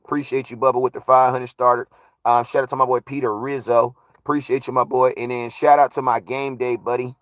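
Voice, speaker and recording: A man hosting a casual live stream, giving viewer shout-outs in a slangy, hyped way that swings from low mutters to loud shouts. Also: level tone, fairly quick, no echo. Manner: slangy, repeats catchphrases. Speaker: livestream host.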